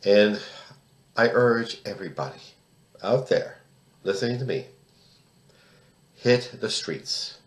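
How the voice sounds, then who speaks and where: Man, around 60, from the US, lowish voice, emphatic, indignant commentary, repeats words, roomy echo. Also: expressive, takes it slowly, long pauses. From United States. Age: about 60. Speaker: political commentator and poet. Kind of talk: solo commentary to camera.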